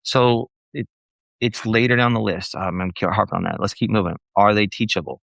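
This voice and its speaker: A man with a fairly low, gravelly voice talks to church leaders on a live stream. He is blunt and sarcastic and wanders off on tangents, correcting himself mid-sentence. The sound is dry and close. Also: fairly quick, fairly bright tone, no room sound. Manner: rambling, with self-corrections.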